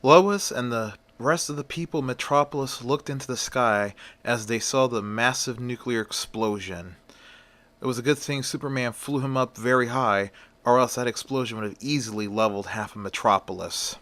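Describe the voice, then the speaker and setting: A man's voice: mid-range voice, normal speed, fairly bright tone. A man casually retelling a superhero story in a plain, conversational way.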